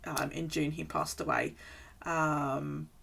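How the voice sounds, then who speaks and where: Woman streamer, low-pitched, rambling chatter, salty language. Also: big pitch swings, slow pace, gravelly, a bit bright, husky. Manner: chatty, rambling storyteller who swears freely. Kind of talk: casual chat while journaling on stream.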